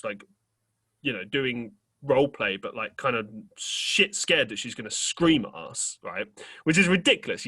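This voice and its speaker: A young podcast host tells a rambling story in casual chat, packed with fillers and offhand swearing. His medium-pitched voice has a bright, forceful tone.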